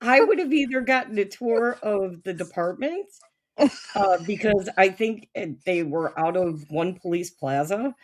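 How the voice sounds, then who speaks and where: A woman's voice: medium pitch, expressive, measured pace. Laughing woman telling a story. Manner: laughing often while telling an anecdote. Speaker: podcast host. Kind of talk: casual storytelling chat.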